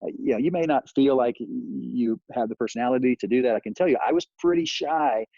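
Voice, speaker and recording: A man's voice: medium pitch, quick pace, vocal fry, dry recording, highs cut off. A man giving a sales training talk, rambling with many fillers and acting out lines he would say to customers.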